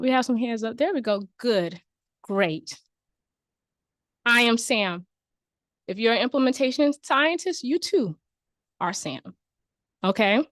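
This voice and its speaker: A woman presenting at a symposium, telling a lively story and asking the audience questions. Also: sits high, no room sound, clean studio sound. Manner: animated storytelling, addresses audience. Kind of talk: playful conference talk. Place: conference venue.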